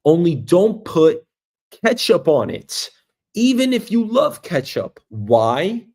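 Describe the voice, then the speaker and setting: A man's voice: on the high side, very animated, takes it slowly. Rambling New man riffing solo. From Queens, New York, US. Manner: meandering, musing, jumps between loud bursts and quiet asides. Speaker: show host. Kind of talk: rambling comic monologue. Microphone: streaming mic.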